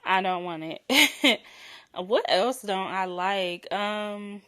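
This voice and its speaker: A woman's voice: mid-range voice, a bit bright. Frank, playful young woman podcaster. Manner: frank, playful, drawn-out and breathy on intimate words. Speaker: podcast host. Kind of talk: candid solo podcast chat.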